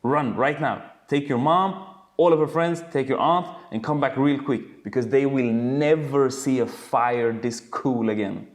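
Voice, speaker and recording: A man's voice: medium pitch, measured pace, pitched above the performer's own voice, lightly acted. A man voicing a rich old inventor who eagerly urges his son on. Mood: gleeful urging. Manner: excited, urging.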